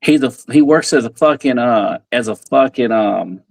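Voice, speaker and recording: A man guesting on a podcast, telling casual stories in a profane, animated way and acting out what people said. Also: mid-range voice, normal speed, vocal fry, dry recording. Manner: profane, animated storytelling with acted-out quotes. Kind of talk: casual storytelling.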